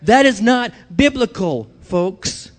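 A man's voice: sits high, expressive, slow. A middle-aged man preaching a sermon to his congregation, conversational at times and rising to emphatic declarations at others. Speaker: pastor.

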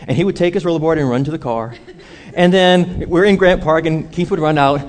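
A man delivers a sermon as a story, his voice sitting a little high and swinging widely in pitch. He acts out the quoted lines with animation, rising and falling sharply. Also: big pitch swings, moderate pace, darkish tone. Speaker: preacher.

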